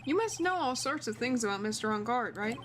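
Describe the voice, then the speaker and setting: A woman's voice: a little high, lively intonation, a little fast, fairly bright tone, slight background noise. A woman voicing an earnest young male defense lawyer, asking plain, polite questions.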